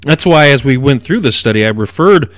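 A man's voice: mid-range voice, lively intonation, a bit bright, no echo. Man hosting a dry-sounding Bible teaching program. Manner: measured, explanatory delivery with emphatic stresses.

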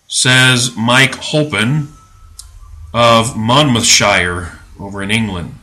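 Guy hosting a religion podcast, bright punchy voice, sarcastic and preachy, gets all indignant. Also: mid-range voice, slow pace. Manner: emphatic, indignant. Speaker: podcast host.

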